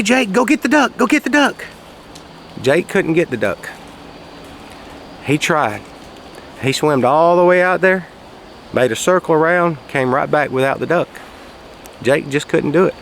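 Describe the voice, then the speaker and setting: A man telling a folksy story outdoors in a casual monologue, raising his voice for quoted shouts. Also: on the high side, vocal fry, slight background noise. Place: outdoors, quiet spot near traffic.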